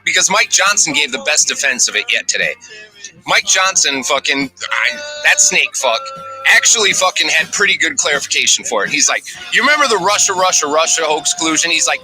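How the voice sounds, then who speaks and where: A man with a bright, sharp and somewhat high voice delivers a heated, profane rant. He swears constantly and slips into mocking quoted voices. Soft music plays behind him. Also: lively intonation, brisk, rough recording. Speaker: commentator in a played clip.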